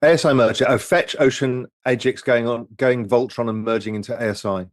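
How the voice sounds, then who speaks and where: Over drinks on a relaxed live stream, a man reads out viewer questions and answers them loosely and ramblingly, swearing freely. He talks fairly quickly at a middling pitch, and the close, dry recording has no room echo.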